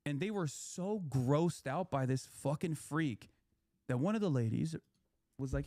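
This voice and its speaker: A man's voice: mid-range voice, expressive, normal speed, dark tone, dry recording, clean studio sound. A young man, a political commentator, ranting in a heated, profane, rambling way on a stream.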